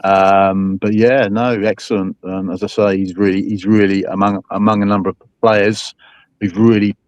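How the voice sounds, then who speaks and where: A man talks about football in a rambling, hesitant way, with many fillers and restarts. His voice is fairly low and the sound is dry. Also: little pitch movement, moderate pace, a little mellow, dry recording, dull audio. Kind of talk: casual football chat.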